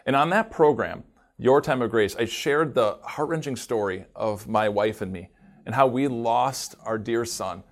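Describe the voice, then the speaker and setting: Male devotional host, mid pitch, earnest gentle testimony. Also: measured pace. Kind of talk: personal testimony to camera.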